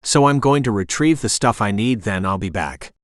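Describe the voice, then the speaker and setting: A man with a synthetic narrator voice reading the lines of a calm, firm soldier with a dry sense of humor. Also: on the low side, moderate pace, dry recording, lightly acted. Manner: steady, dryly humorous. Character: calm, firm male soldier caring for her.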